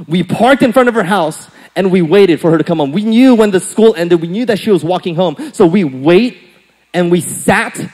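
A high-pitched young male pastor preaches in a church sanctuary, and his voice rings through a long hall reverb. He tells stories playfully and acts out quotes with sudden swings from loud to hushed. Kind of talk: sermon with storytelling.

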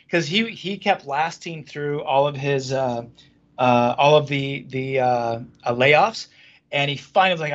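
A man speaking as a franchise executive guest in a casual podcast interview, rambling and animated, with many restarts and fillers, from a home office at a standing desk over a video call. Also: medium pitch, moderate pace, highs cut off.

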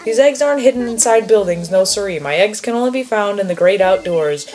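A woman's voice: medium pitch, expressive, brisk, a little mellow, close to an everyday voice. A woman reading aloud the lines of a chirpy male bunny in a costume, in a sing-song rhyming patter. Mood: cheery. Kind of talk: reading game dialogue aloud.

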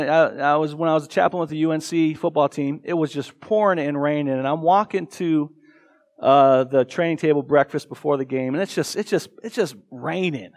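A man with an American accent preaches a sermon as a pastor in a fairly high, slightly mellow voice. He's earnest and emphatic, using dramatic quoted voices.

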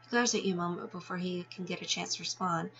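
A woman's voice: fairly low pitch, fast talker, fairly bright tone, a little hiss or hum. A woman reading a text game aloud with her own asides, now and then tripping over words and laughing at herself. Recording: dull lo-fi sound with music behind.

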